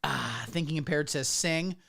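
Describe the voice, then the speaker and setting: A man's voice: fairly high pitch, sing-song, measured pace, fairly bright tone. A man rambling through a crude, absurd satirical story on a livestream, breaking off to read out chat comments. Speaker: comedian streamer.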